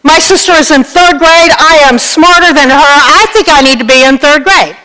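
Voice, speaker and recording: A woman's voice: high voice, moderate pace, sharp tone, big-room sound, rough recording. A woman voicing a cocky little first-grade boy in a told joke, giving matter-of-fact answers. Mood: smug.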